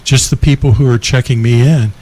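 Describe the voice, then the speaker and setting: A man speaking in a reflective, thoughtful way, pausing with fillers as he gathers his words. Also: medium pitch, steady tone, dark tone, a little hiss or hum. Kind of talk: reflective conversational talk.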